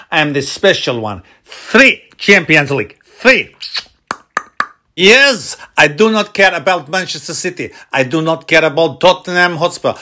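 A man's voice: a little high, bright, forceful tone. A man doing a comic impression of an arrogant football manager who speaks in grandiose, broken English and repeats his own praises.

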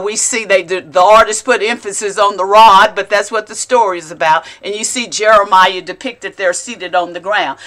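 A woman preaching a sermon, reading scripture slowly with drawn-out emphasis and exclaiming asides between the verses. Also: a little high, bright, forceful tone.

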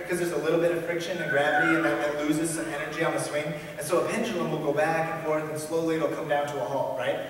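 A man preaching in a church sanctuary. His voice sits a little high and echoes off a long, reverberant hall. He is a fair way from the mic, with faint room noise behind him. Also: far from the mic. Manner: storytelling preacher, drops to a hush for suspense. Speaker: pastor. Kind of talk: sermon.

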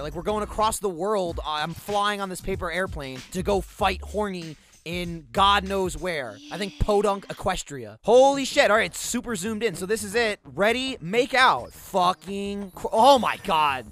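Male gameplay commentator, high and lively, swears nonstop, sarcastic, yells at the game. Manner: sarcastic, excitable, swears constantly, erupts into shouts. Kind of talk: profane comedic gameplay commentary.

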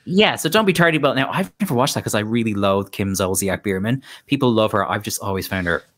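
A man chatting as a podcast guest, full of quick asides and playful tangents. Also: on the low side, animated, a bit bright. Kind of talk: casual podcast chat.

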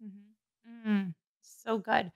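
A woman's voice: mid-range voice, fairly even intonation, drawn-out words, muffled recording. A woman hosting a faith-centered podcast interview, who talks casually and affirms and encourages her guest. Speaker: podcast host.

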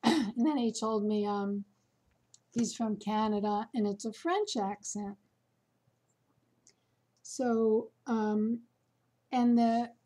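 Woman, casual vlog chat, slow pace, rambling fillers. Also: on the high side, dark tone. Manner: slow, chatty storytelling with fillers. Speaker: vlogger.

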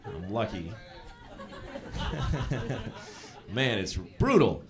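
A man in his thirties performing live stand-up comedy on a club stage, deadpan and self-mocking, with a lot of swearing. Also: lowish voice, very slow. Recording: live club recording with crowd laughter.

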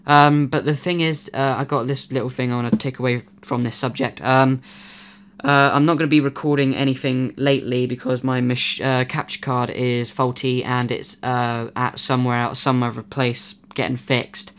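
A YouTube channel host makes a casual vlog announcement, rambling with plenty of fillers as his voice gives out. He speaks at a moderate pace with a medium pitch and flat delivery, and the tone is fairly bright and clean.

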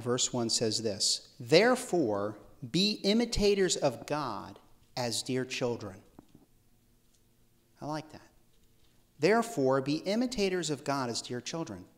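A man preaching a casual, conversational sermon in a church service, with joking asides and restarts. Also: mid-range voice. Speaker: pastor.

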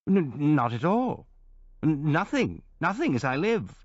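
A man's voice: a little high, big pitch swings, measured pace, dull audio, pitched above the performer's own voice. A man voicing an obsequious, gossipy official who talks in an eager, ingratiating, sometimes stammering way. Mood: flustered, loud. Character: fawning obsequious male official, gossipy know-it-all. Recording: roomy echo, distant mic, music behind.

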